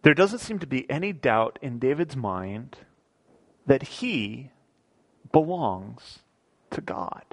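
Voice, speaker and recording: A man's voice: medium pitch, animated, slow pace, long pauses. A man preaching a sermon as pastor in a church, talking conversationally and often repeating words as he restarts his sentences. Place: church sanctuary.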